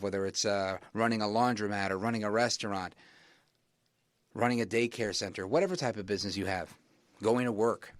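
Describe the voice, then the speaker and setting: Emphatic talk radio host, dry studio sound. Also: male voice, lively intonation, fairly quick, dry recording. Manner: emphatic, rising pitch when stressing points.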